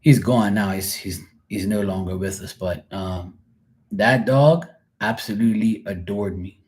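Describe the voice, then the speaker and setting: Rambling through anecdotes on his live stream, a middle-aged host acts out the characters with voiced quotes in casual chat. He speaks at a measured pace in a fairly low, slightly mellow voice.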